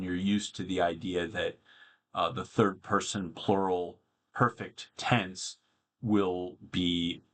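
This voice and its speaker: A man teaching a Latin poem in a casual spoken lesson, explaining in an easygoing way and thinking aloud with pauses. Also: sits low, a bit bright. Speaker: Latin and Greek tutor.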